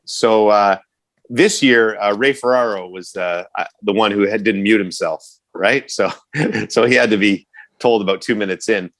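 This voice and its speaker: A man with a lowish voice speaks at normal speed while co-hosting a podcast. He laughs often and tells stories with animation in casual conversation.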